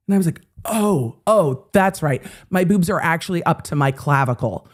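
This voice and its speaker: A woman in her forties hosting a show, telling a story in casual chat, animated, swearing freely and acting out the quotes. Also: low voice, normal speed, few pauses. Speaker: host.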